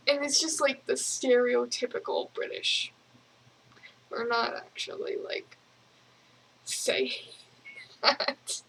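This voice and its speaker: A young woman rambling casually in a video journal, giggling often and filling pauses with ums. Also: sits high, steady tone, creaky, fairly bright tone, rough recording. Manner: rambling, giggly, lots of fillers. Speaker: vlogger.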